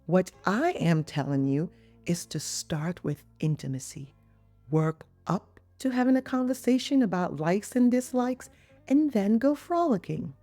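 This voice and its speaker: A woman's voice: fairly low pitch, darkish tone. A middle-aged woman hosting a podcast, chatting in a playful way with teasing asides to the listener. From Jamaica. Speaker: podcast host and physician.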